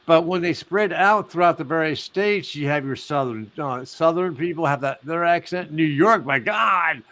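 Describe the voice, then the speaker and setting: A man's voice: on the high side, expressive, normal speed, fairly bright tone, no room sound. A man hosting a casual live stream, rambling with many fillers and restarts. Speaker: host.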